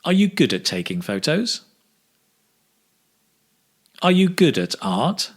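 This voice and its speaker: Slow, lively male English teacher. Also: on the high side. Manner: models phrases slowly with exaggerated intonation. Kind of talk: slow, clear pronunciation drill.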